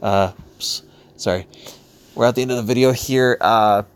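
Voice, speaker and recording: A man's voice: mid-range voice, normal speed, smooth. A man casually commenting as he reads through a crowdfunding page, laughing easily and trailing off into mumbles. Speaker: YouTuber reviewing a crowdfunding campaign. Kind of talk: casual commentary reading a campaign page aloud.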